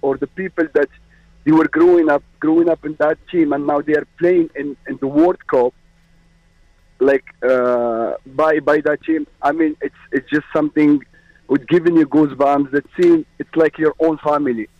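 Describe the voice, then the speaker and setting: A man from Morocco calling in to a radio show, speaking earnestly with many halting restarts. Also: fairly high pitch, no echo. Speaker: caller. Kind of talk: call-in phone chat. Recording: dull lo-fi phone line.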